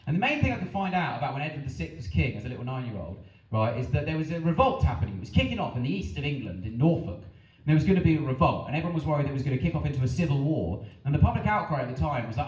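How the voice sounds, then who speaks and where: Animated, sweary male stand-up comedian. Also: fairly high pitch, racing. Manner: animated, sweary, self-mocking storytelling. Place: comedy venue stage. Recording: echoey venue, distant mic, dull sound.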